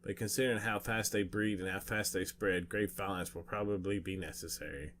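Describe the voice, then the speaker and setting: A man voicing an ancient, furious male dragon who is demanding and impatient, speaking in a stern, rumbling, commanding way. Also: steady tone, fairly quick, fairly bright tone, slight background noise. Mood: stern, angry.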